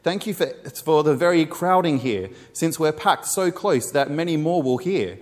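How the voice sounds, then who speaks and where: A man reading the lines of a calm, devout woman who gently insists, in a reverberant hall. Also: fairly high pitch, moderate pace, pitched above the performer's own voice, lightly acted. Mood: serene.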